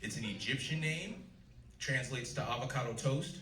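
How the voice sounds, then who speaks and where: A man's voice: medium pitch, moderate pace, pushed and bright, recorded from a distance, a little hiss or hum. A man in his thirties doing a stand-up set on a club stage, talking to a live audience and laughing at his own jokes. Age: 30s. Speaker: stand-up comedian. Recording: roomy club sound, live crowd.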